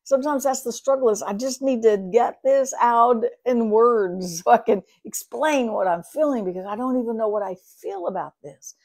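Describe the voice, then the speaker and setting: Husky-voiced woman giving an earnest devotional. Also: a little high, moderate pace, few pauses. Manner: earnest, expressive, drops to soft whispers. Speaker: devotional host. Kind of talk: morning devotional talk.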